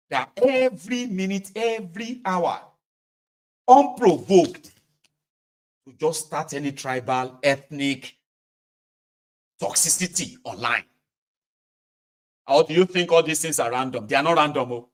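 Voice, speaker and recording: A man's voice: on the high side, expressive, slow, pauses often. A Nigerian man giving exasperated, mocking political commentary in a casual vlog. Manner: exasperated, mocking, uses pidgin particles.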